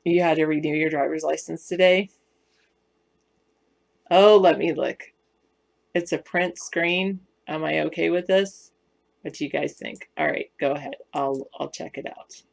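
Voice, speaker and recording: Slow, gravelly Southern Californian woman. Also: sits low. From West Virginia, US South. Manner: rambling, self-correcting, chatty. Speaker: live stream co-host. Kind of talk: casual live stream chat, answering viewer comments.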